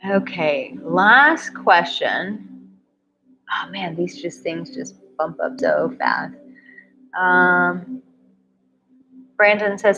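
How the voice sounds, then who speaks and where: A woman's voice: fairly low pitch, very animated, extremely slow, long pauses, pushed and bright, highs cut off, a little hiss or hum. Encouraging woman dating coach on live stream. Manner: upbeat, encouraging, talks straight to viewers. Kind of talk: live-stream Q&A reading chat comments.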